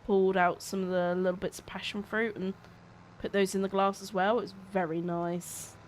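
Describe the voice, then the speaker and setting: A woman's voice: mid-range voice, flat delivery, normal speed, slight background noise. A woman, co-hosting a farming game livestream in friendly, casual chat and thanking viewers. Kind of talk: casual live-stream chat.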